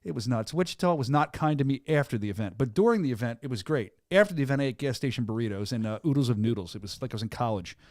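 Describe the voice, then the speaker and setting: A man hosting a studio podcast in a casual, energetic, rambling way. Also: mid-range voice, very fast, hardly any pauses, no room sound. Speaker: podcast host. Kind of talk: casual chat. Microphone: studio mic.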